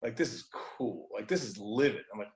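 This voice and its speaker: An American man telling a story in a loose, animated way, with casual slang and swearing. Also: lowish voice, a little fast, roomy sound, rough recording. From United States. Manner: animated, informal, profane. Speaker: guest.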